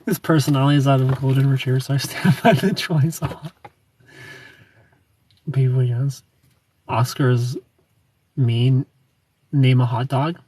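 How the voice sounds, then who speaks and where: A man's voice: medium pitch, steady tone, a little slow, long pauses, mellow, slightly rough, far from the mic. A young man hosting a casual livestream, chatting and giggling as he greets viewers by name. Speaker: livestream host. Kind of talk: casual livestream chat reading comments.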